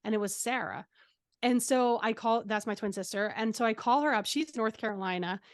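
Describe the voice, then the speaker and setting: A woman guest on an interview show telling a personal story in a chatty, animated way, laughing often and filling pauses with ums. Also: on the high side, dry recording, clean studio sound. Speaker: guest, transformational coach.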